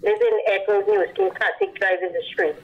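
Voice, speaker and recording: A woman's voice: mid-range voice, steady tone, a little fast. A woman caller with a Guyanese accent, earnestly rambling about a worrying problem on a call-in show. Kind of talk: call-in radio complaint. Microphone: phone line. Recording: muffled phone line.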